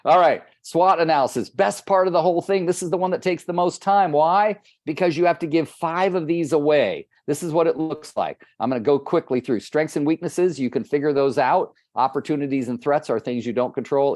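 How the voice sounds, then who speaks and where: A man's voice: fairly high pitch, fairly quick, few pauses, darkish tone, dry recording. Plain-spoken male coach, dry close sound. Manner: conversational, plain-spoken, addresses listeners by name. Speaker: real estate coach. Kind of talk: live coaching call.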